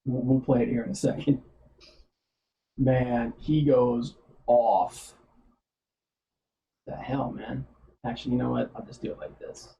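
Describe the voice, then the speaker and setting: A man's voice: medium pitch, steady tone, unhurried, creaky, long pauses, dark tone, highs cut off, a little hiss or hum. A man hosting a casual streamed chat show, rambling with lots of fillers and laughing often. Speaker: podcast host.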